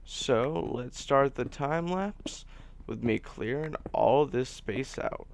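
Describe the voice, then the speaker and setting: A man's voice: mid-range voice, takes it slowly, vocal fry, heavy background noise. A man giving casual, chatty commentary over his own gameplay as host, rambling a little and poking fun at himself. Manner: chatty, rambling, self-deprecating. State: hiccups. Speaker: let's play host.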